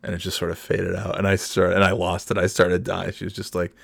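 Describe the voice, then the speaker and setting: A man with a deep, low voice talks through a casual solo podcast. He rambles and laughs at his own jokes, and he is recorded up close in a dry room with no echo. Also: monotone, brisk, vocal fry. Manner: breaks into loud mock announcer bits. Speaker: podcast host.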